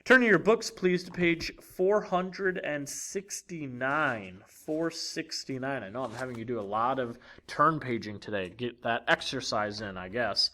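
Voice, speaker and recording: A man teaching a recorded geography lesson in a clear, lively teacher's voice, with fillers like uh and um. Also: medium pitch, unhurried, few pauses.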